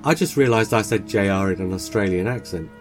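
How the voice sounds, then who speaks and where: A man hosting a podcast, reading a scripted introduction and then chatting with a co-host in a measured, reflective way. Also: fairly low pitch, faint music behind. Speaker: podcast host and series editor.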